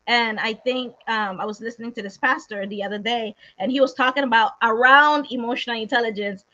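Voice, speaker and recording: High bright-voiced woman, lo-fi sound. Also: steady tone. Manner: laughs often, explains in quick lists. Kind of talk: casual chat. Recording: dull lo-fi sound.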